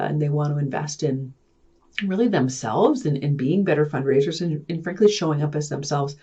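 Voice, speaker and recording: A woman's voice: sits low, expressive, brisk, dark tone, slightly rough. A woman hosts an interview and asks her questions in a loose, conversational way, sometimes searching for words. Her audio is dull and lo-fi, like a remote recording. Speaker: podcast host. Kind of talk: casual interview talk.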